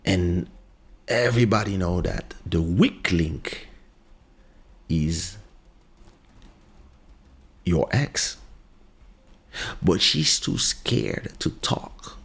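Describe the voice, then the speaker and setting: A male podcast host tells a story as a casual, animated monologue, acting out the voices of the people in it. His voice sits low with a breathy edge, and he draws out words and leaves long pauses.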